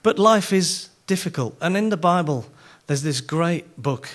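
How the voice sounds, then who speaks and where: A middle-aged man with a Yorkshire accent, giving a sermon as a conference speaker and telling self-mocking stories in an animated way. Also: a little high, unhurried. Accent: Yorkshire English.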